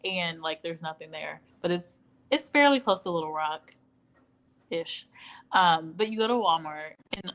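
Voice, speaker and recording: A woman's voice: lowish voice, measured pace, rough recording. Chatty woman hosting a casual livestream. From Midwestern United States. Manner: chatty, animated, laughing, acting out quoted dialogue. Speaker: livestream host answering viewer comments. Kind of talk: casual live-stream chit-chat. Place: at home in Dallas.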